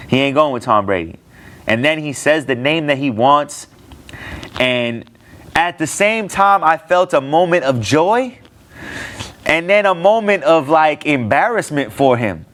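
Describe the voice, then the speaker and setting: A man hosting a casual sports talk show, telling a story with animated, incredulous outbursts. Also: measured pace. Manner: animated storytelling, pitch jumps up when incredulous. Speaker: show host. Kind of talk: casual fantasy football talk.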